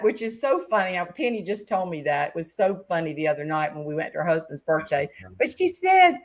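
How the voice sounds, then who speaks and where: Woman host, warm-up storyteller, does voices for her characters, video-call audio. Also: mid-range voice, moderate pace, few pauses. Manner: animated, acts out other people's voices in her stories. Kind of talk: casual storytelling chat.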